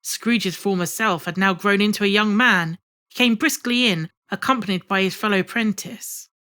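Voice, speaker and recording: Woman audiobook narrator, measured and expressive classic storytelling. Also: medium pitch. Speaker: audiobook reader. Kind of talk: scripted narration of a classic novel.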